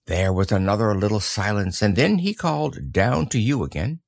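A man reading a children's story aloud in a gentle, unhurried way. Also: lowish voice, lively intonation, vocal fry, no room sound, clean studio sound.

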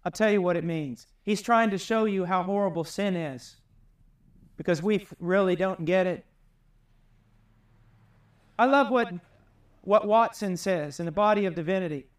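A man preaching a sermon with passion, climbing high and loud to drive home his points. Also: normal speed, pauses often, far from the mic. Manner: impassioned, rises high and loud for emphasis.

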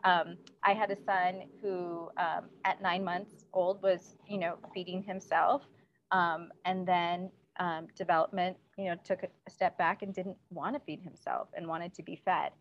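A woman's voice: on the low side, fairly even intonation, a little slow, slight background noise. A woman guest in a casual interview, giving practical advice with many "um"s and "you know"s. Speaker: parenting guest. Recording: dull lo-fi recording.

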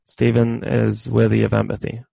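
Gravelly, frank male podcast guest. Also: on the low side, monotone, moderate pace, mellow, no room sound. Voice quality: frank, repeats his phrases. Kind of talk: casual chat.

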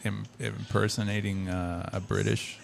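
A man's voice: on the low side, little pitch movement, a little slow, vocal fry, soft background music. A man co-hosting a podcast, chatting casually with dry, teasing quips. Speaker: podcast co-host.

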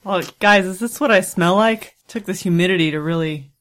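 A man's voice: high-pitched, fairly quick, a bit bright. A man voicing a brash, touchy young woman crew member with cybernetic parts, in improvised role-play. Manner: touchy, brash, says "bro".

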